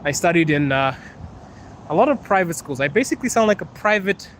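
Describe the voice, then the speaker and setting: A man's voice: high voice, sing-song, a little fast, a bit bright. Young Zimbabwean man, slightly American-sounding English, playful livestream host reading comments, faint street noise. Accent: American-leaning English. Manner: chatty, laughs often, playful. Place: outdoors on a city street at night.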